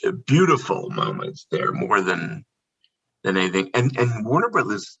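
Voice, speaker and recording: A man who is a guest on a podcast, telling candid stories in an animated, casual way. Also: lowish voice, moderate pace, vocal fry, husky, highs cut off. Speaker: podcast guest, theme park performer. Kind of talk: casual storytelling chat.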